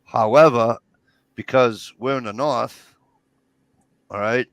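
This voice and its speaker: A man's voice: medium pitch, slow, no room sound. A man co-hosting a casual livestream chat, explaining his point in a rambling way with many restarts. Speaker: co-host.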